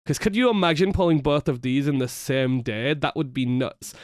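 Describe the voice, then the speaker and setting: A man talking through his game session in a chatty, excitable, self-deprecating way as a gaming video creator. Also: medium pitch, moderate pace, dry recording, clean studio sound. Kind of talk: casual gameplay commentary.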